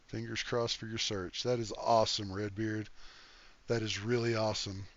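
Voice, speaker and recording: A man's voice: lowish voice, a bit bright, lo-fi sound. An older man hosting a casual game livestream, reading chat aloud in an easygoing, folksy way and thanking viewers.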